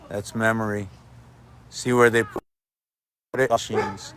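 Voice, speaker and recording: A man's voice: lowish voice, flat delivery, slow pace, a bit bright, smooth. A man rambling freely in a casual self-made video, jumping from idea to idea and stopping to talk to his dogs. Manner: rambling, free-associating, talks to his dogs. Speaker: video maker. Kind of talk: rambling monologue. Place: outdoors with dogs.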